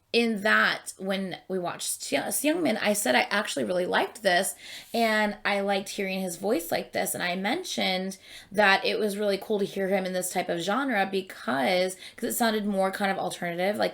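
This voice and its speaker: A woman's voice: mid-range voice, creaky. A woman hosting a reaction video, chatting casually to her viewers in a rambling way, full of ums and likes. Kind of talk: casual chat to camera.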